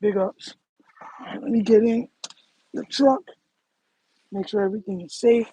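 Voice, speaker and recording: A young man chatting on a live stream, animated and repetitive, calling people "bro" as he talks to his chat while running errands. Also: high-pitched, moderate pace, husky, rough recording. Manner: animated, repeats himself, says "bro" a lot.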